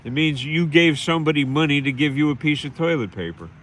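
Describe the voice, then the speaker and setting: A man's voice: a little high, brisk, fairly bright tone, a little hiss or hum. A man hosting a livestream, ranting bitterly and scornfully and repeating himself in a rambling monologue. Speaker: livestream host.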